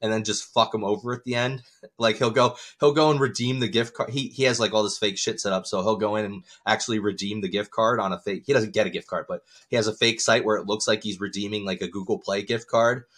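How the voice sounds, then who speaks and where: A man's voice: lowish voice, fairly even intonation, fast, a bit bright. A man hosting a podcast in casual chat, talking bluntly, swearing freely and rambling with restarts. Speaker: podcast host.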